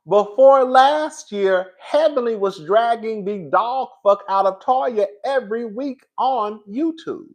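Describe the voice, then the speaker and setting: A man with a high, bright-edged voice talks through a live stream in a sassy, animated way. He keeps calling his viewers "girl," laughs a lot and swears without a second thought. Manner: laughs often, swears freely. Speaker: reality TV show reviewer. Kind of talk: live-stream commentary, reading chat.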